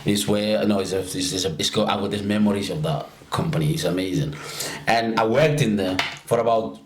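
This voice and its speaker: A man from Africa, telling stories in a casual podcast chat, animated and quick to laugh, often repeating words as he starts a sentence. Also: low voice. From South Africa. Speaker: podcast guest. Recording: roomy echo.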